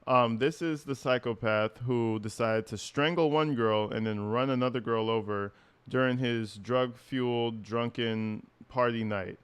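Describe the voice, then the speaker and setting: Man, casual reaction commentary, blunt, profane, smooth clear voice, dry sound. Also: mid-range voice, steady tone, measured pace, no room sound. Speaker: commentary channel host.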